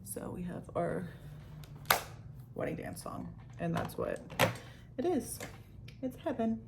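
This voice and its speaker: A woman's voice: lowish voice, huge pitch swings, slow, vocal fry, very noisy. A young woman chatting through a makeup tutorial in a rambling, casual way, full of "like" and the odd swear, sometimes dropping to a near-whisper. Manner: rambling, filler-heavy, frequent "like", swears casually. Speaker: vlogger.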